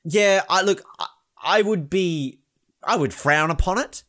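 A man's voice: sits high, unhurried, fairly bright tone. An Australian man co-hosting a podcast, chatting casually in a rambling way and laughing often. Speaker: podcast co-host. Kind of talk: casual chat.

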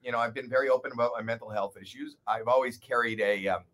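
A man in his sixties, a guest comedian telling a story in casual chat, animated, swearing and poking fun at himself. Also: medium pitch, fast talker. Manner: animated, profane, self-deprecating.

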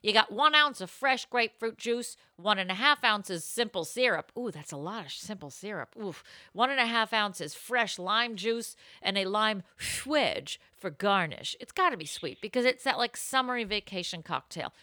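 A woman hosts a relaxed cocktail-tasting chat, with a playful, wisecracking delivery that slips in the odd swear. Her voice is bright and sharp. It is recorded dry and close for a video call. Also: mid-range voice, moderate pace, few pauses, dry recording. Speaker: podcast host.

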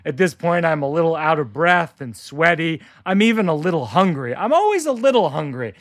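Man, comic storyteller, deadpan and dry, slightly high voice, close dry sound. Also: fairly quick, no room sound. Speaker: comedian workshopping a story.

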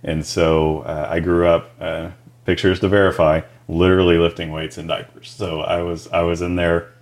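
A man's voice: low voice, flat delivery, moderate pace. A man from Texas, a company founder, chatting easily as a podcast guest. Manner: easygoing, affirming, lots of yeahs. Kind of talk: casual interview chat.

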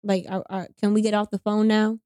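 A young woman telling a personal story in casual chat, animated, acting out both sides of the conversation with slang. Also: medium pitch, brisk, no room sound, studio quality. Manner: animated retelling with quoted voices and slang. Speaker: storyteller guest.

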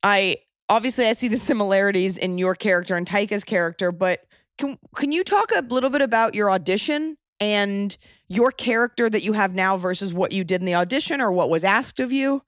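A woman's voice: mid-range voice, fairly quick, no echo, clean studio sound. Giggly, candid female podcast host. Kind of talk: casual interview chat.

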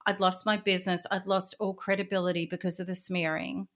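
Middle-aged woman, interview guest, earnest and intense, sharing a personal story, going soft and quiet in places. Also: medium pitch, little pitch movement, a little fast.

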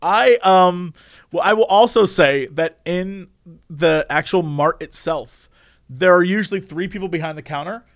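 A young man chatting casually on a podcast, telling stories animatedly and acting out people with sudden shouts. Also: sits high, dry recording, clean studio sound. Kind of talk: casual storytelling chat.

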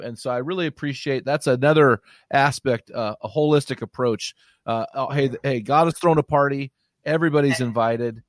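A man's voice: medium pitch, fairly quick, dry recording, clean studio sound. A man hosting a faith podcast, affirming his guest and plugging a book. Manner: affirming, appreciative, reads out plugs. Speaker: podcast host. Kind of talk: faith-based podcast interview.

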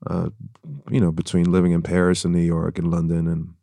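A man's voice: sits low, completely flat delivery, a little fast, gravelly, mellow, dry recording. A middle-aged man from Germany with a light German accent, talking reflectively as an interview guest, with frequent fillers. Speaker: guest, actor and former tennis player. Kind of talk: casual interview chat.

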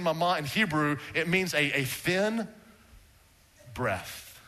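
Speaking through a handheld or stand mic in a church sanctuary, a male pastor delivers a sermon to the congregation. His pitch rises for emphasis, then drops to a hushed, low tone.

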